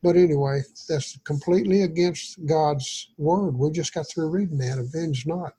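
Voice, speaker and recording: A man's voice: fairly high pitch, normal speed, warm tone, slightly rough, rough recording. A man leading an informal Bible study, teaching in a folksy, rambling way. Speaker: pastor.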